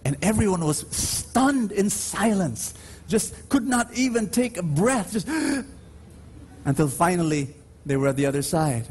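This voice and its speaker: Speaking at Mass in a large church, this male preacher has a high, sing-song voice with a darkish tone and a slight hiss or hum. His sermon is emphatic, full of call-and-response with the congregation, and his stories unfold slowly with drawn-out, dramatic rises.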